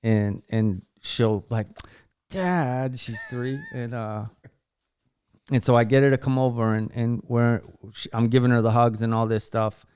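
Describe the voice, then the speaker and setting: A man's voice: mid-range voice, a little slow, darkish tone, clean tone, no room sound. A man hosting a casual podcast, telling a heartfelt story in a rambling way, cursing casually and restarting his sentences often. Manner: many fillers and restarts while storytelling. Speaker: podcast host.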